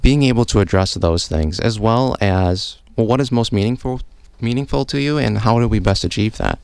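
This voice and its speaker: Deep-voiced man explaining calmly. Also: gravelly, clean tone, no room sound. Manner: calm, measured, explanatory. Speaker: physician and professor, guest expert. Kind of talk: radio interview answers. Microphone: studio microphone.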